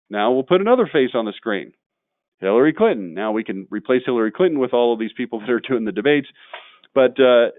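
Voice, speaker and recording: A blunt man runs a marketing webinar and gets fired up as he picks apart weak examples. His voice sits at an ordinary pitch. It comes through a narrow, phone-like line with no room sound at all. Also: no room sound. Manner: blunt, gets worked up and ranting. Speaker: webinar presenter.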